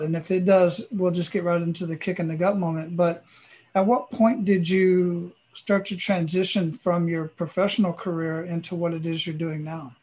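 A man with a notably high voice hosts an interview podcast. He sounds enthusiastic and tends to ramble while he frames his questions. The audio comes through a remote call. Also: a little mellow. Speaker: podcast host.

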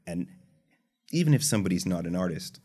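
A man's voice: low voice, animated, brisk, warm tone, husky. A man with a Canadian accent, a startup founder explaining his early product journey in casual podcast talk. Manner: earnest, explanatory, some restarts.

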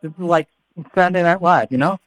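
A playful male podcast host with a fairly high voice, trading jokes and stumbling over repeated words. The sound is close and dry, with no room echo around him. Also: a little fast. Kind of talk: casual banter.

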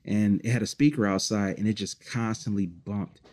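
A man with a fairly low voice talks through old memories at an easy, unhurried pace. He rambles, restarts and fills gaps with ums and "you know", laughing quietly between stories. He comes across as a musician recalling his past in a casual interview. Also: steady tone. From Detroit, United States. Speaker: musician guest.

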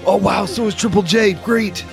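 A man's voice: sits high, fairly even intonation, moderate pace. A man voicing a cranky aging mad scientist who talks in brusque, rambling, self-pitying bursts over background music.

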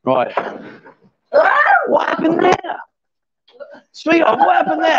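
A man's voice: very high voice, wildly swooping pitch, slow, no room sound, highs cut off. A man hosting a live stream from a bar, joking and teasing as he reads viewer comments aloud between pool shots. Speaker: livestream host. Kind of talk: live stream chat while playing pool. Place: lively bar.

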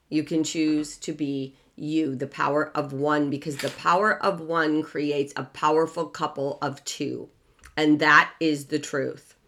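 A woman's voice: low-pitched, a bit bright. A middle-aged woman hosting a relationship podcast, talking emphatically in a preachy, motivational way and repeating key phrases.

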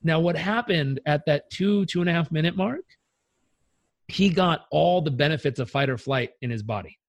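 A man coaching as a podcast guest, telling stories in an energetic, emphatic and casually profane way. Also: on the high side, normal speed. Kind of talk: podcast interview storytelling.

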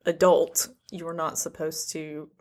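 A woman with a slightly low voice hosts a relaxed podcast conversation. She keeps things moving with questions and easy, friendly remarks. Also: unhurried. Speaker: podcast host. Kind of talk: casual podcast chat.

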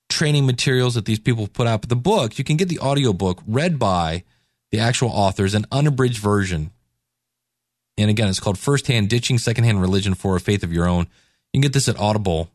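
A man's voice: on the low side, a little mellow, dry recording, clean studio sound. A man hosting a podcast, giving a casual devotional talk in a laid-back, conversational way with slangy asides. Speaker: podcast host.

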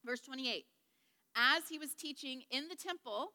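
A woman's voice: high voice, moderate pace, sharp tone, big-room sound. A woman teaching a Bible study lesson to a group in a chatty, joking way, checking in with her listeners. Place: large room with a group.

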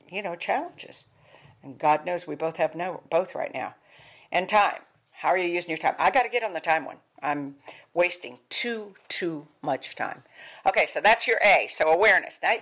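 A woman's voice: sits low, fairly bright tone. An older woman giving an emphatic motivational talk as a wellness speaker, repeating her key words in a coaching tone.

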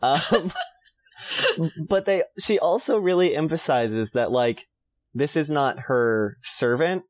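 A co-host in a relaxed recap conversation, with a mid-range voice. The delivery is loose and easygoing, full of quick laughs and casual swearing. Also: mid-range voice. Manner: laid-back, swears freely, laughs often. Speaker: podcast co-host.

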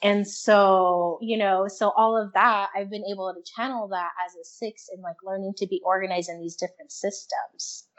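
A chatty young woman speaks in a middle-pitched voice, running her sentences together with many fillers. She breaks into laughter and acts out her own inner voice as she tells it. The sound is dull and lo-fi. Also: fairly even intonation, moderate pace, hardly any pauses. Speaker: guest. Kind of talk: casual interview chat.

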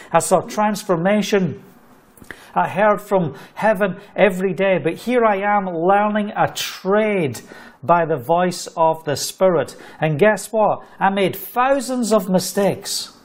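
A man telling a story of faith as a sermon, animated and loose, with fillers. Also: high voice. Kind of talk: sermon testimony.

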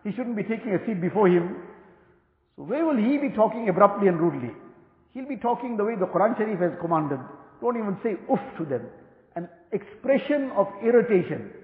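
High-voiced man lecturing in an echoey hall. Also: sing-song. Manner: measured, explains by restating points; recites Arabic passages. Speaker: Islamic teacher. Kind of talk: religious lecture. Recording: tinny, echoey hall recording.

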